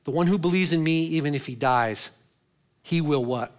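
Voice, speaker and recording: A man preaching a sermon as pastor, swinging between loud, high bursts and quiet, low stretches, and asking the congregation questions he answers himself. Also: normal speed.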